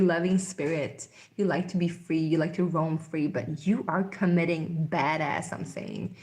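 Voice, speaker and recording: A woman giving an excited, chatty tarot reading to her viewers, often breaking into laughter and calling them sweethearts. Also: fairly low pitch, roomy sound. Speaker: tarot reader. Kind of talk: casual tarot reading to camera.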